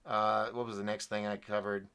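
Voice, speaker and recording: A man's voice: fairly low pitch, flat delivery, normal speed, sharp tone, smooth. A man hosting his own live show alone, rambling and apologetic as he vents his frustration to viewers. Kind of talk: solo live-stream talk.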